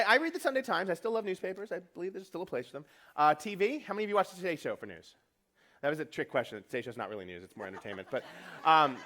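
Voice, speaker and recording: A man's voice: a little high, bright, forceful tone. A man giving a comedic keynote to a conference audience, brash and profane, acting out quotes as he goes. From New York. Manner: fast, brash, joking, profane, acts out quotes. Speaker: keynote speaker.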